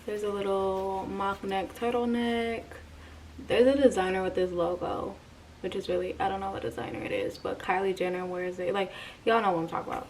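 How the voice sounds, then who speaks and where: A young vlogger with a mid-range, darkish voice talks fairly quickly through a try-on haul, breathless and full of filler words, sometimes slipping into a whisper. She's recorded from a distance, and background noise is clearly audible.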